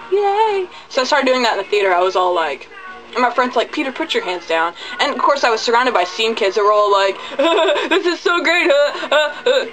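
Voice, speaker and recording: A man's voice: high voice, fairly bright tone, low-quality recording. A man giving a casual spoken movie review, chatty, goofy and full of profanity. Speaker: video reviewer.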